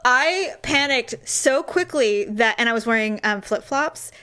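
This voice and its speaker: A woman co-hosting a podcast, chatting casually and telling a story with lively, acted-out quotes. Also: a little high, unhurried, clear, resonant tone. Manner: animated storyteller, acts out quotes loudly with laughter. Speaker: podcast co-host. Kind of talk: casual chat.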